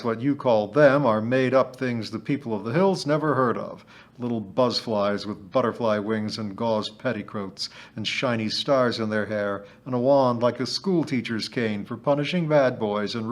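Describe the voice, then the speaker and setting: A man's voice: mid-range voice, close to an everyday voice. A man voicing a merry, boastful ancient male hill sprite in a storybook reading, hearty and emphatic. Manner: hearty, emphatic, sing-song when chanting.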